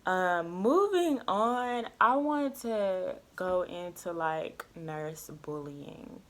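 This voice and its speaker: Young woman, nursing student vlog, frank, swears freely, animated storytelling. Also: fairly low pitch, drawn-out words. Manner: candid, profane, animated retelling. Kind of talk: casual storytelling chat.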